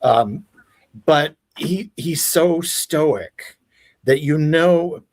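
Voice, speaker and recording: A man talking as a guest entertainment expert in casual podcast chat, animated, laughing often and swearing casually. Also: fairly high pitch, drawn-out words.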